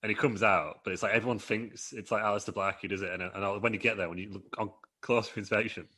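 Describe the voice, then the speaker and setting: Husky-voiced man telling a story. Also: lowish voice, steady tone, fast, bright, forceful tone. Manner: laughing storyteller, puts on voices for wrestlers. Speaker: podcast co-host. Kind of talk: casual comedic chat.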